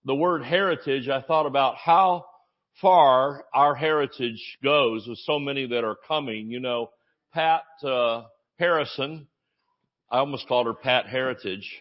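A man's voice: medium pitch, moderate pace. A man in his sixties from Georgia in the USA, a pastor preaching a sermon in a folksy storytelling manner with many fillers, at a church service. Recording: slightly dull recording.

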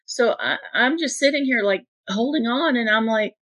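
A woman's voice: a little high, normal speed, hardly any pauses, fairly bright tone. A woman in her fifties, a guest in an interview, earnestly telling a heartfelt personal story. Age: 50s.

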